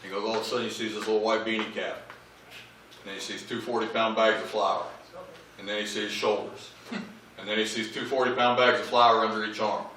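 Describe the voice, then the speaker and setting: A man's voice: on the low side, flat delivery, brisk, sharp tone, very echoey, recorded from a distance, slight background noise, low-quality recording. A man giving a humorous eulogy, telling family anecdotes and acting out the voices of the people in them. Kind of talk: storytelling eulogy at a memorial. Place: large memorial hall with audience. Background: audience laughter.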